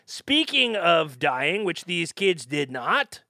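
Bright, high-voiced joking podcast man. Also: sing-song, slow pace, no room sound, clean studio sound. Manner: jokey, laughs often, reads articles aloud. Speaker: podcast co-host. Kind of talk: casual comedy podcast chat.

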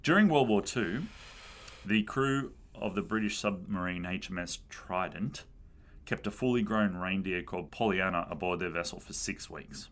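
A man's voice: sits low, normal speed, fairly bright tone. A man co-hosting a casual podcast, telling a story with playful asides and frequent laughter. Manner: laughs often, tells stories with playful asides. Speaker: podcast co-host.

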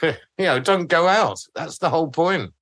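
A man's voice: fairly high pitch, animated, normal speed, fairly bright tone. A middle-aged British man, a comedian co-hosting a podcast, making dry, wry remarks in casual chat.

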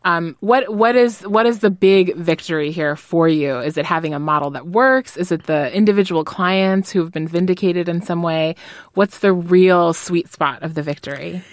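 A woman interviewer asking measured, carefully framed questions. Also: on the low side, dry recording, clean studio sound. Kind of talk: podcast-style interview.

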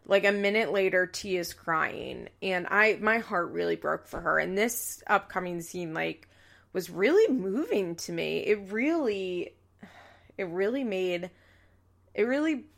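Young woman rambling casually about tv, lots of "like", gravelly vocal fry. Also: medium pitch, fairly bright tone. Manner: chatty, frequent "like" fillers, quotes people in passing. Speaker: podcast host recapping a reality show. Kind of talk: casual chat.

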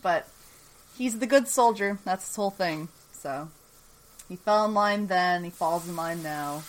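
A woman co-hosting a podcast, sharing her thoughts in casual chat. She sounds relaxed and thoughtful and often gives short reactions. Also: lowish voice, a little slow, rough recording. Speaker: podcast co-host.

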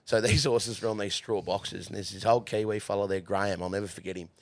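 This lowish-voiced Australian man talks fast with fairly even intonation, a guest on a casual podcast in a studio with no room sound. Laughing and cursing freely, he shares stories from the horse stables.

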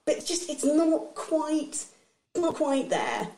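A woman in her thirties chats casually, spinning funny anecdotes about her family. She slips into quick impressions of the people she describes. Her voice has some room echo and a faint hiss behind it. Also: high-pitched, huge pitch swings, warm tone. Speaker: guest comedian. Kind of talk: casual storytelling chat.

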